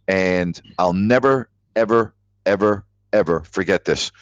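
A man's voice: low-pitched, unhurried, no room sound. A man hosting a call-in sports talk show, telling stories with emphatic repetition. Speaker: sports radio host. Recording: dull lo-fi audio.

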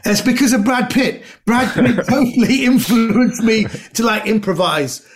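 A man from Britain, a comedian guest telling lively anecdotes in casual chat, acting out quotes and stumbling over restarts. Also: extremely high pitch, normal speed, slight background noise. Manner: animated anecdotes with acted-out quotes and stammered restarts.

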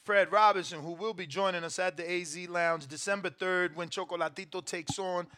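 Young male podcast host, bright tense voice, loose slangy banter. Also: high voice, steady tone, a little hiss or hum. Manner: slangy, argumentative, quick back-and-forth. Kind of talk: casual chat.

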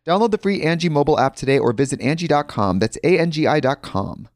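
A man's voice: fairly high pitch, lively intonation, fast talker, no room sound, clean studio sound. A man reading a podcast ad in a conversational way, with personal asides. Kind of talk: host-read ad.

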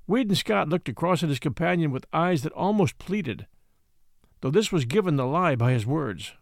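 Guy reading an old adventure novel, measured, dry close sound. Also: on the high side, animated, gravelly, no echo. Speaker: audiobook reader. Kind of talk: classic novel narration.

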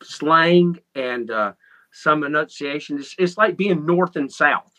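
A man with a thick Southern drawl speaks in a bright, fairly high voice. He talks plainly and proudly as a guest on a chat show, from North Carolina and not hiding it. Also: slow, poor audio. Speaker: guest musician. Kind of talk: casual interview chat.

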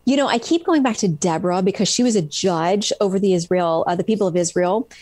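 A woman's voice: mid-range voice, quick pace, no echo. Earnest woman author retelling stories. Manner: earnest, animated retelling with many fillers. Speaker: guest author. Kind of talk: conversational storytelling interview.

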